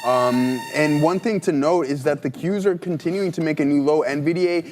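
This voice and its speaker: A man's voice: a little high, brisk, over music. Upbeat chatty man calling live trades. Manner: upbeat, chatty, calls viewers "guys". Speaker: trading show co-host. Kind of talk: live market commentary.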